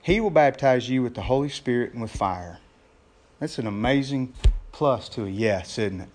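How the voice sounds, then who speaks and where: A man, a pastor preaching a sermon in a conversational way, calling the congregation "gang" and getting loud and excited as he acts out scenes. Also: medium pitch, normal speed, soft background music.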